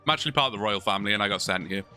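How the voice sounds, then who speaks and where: A man's voice: on the low side, rapid-fire, bright, forceful tone, soft background music. A British man from England, chatting casually and joking with viewers during a live gaming stream. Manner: chatty, joking, many restarts.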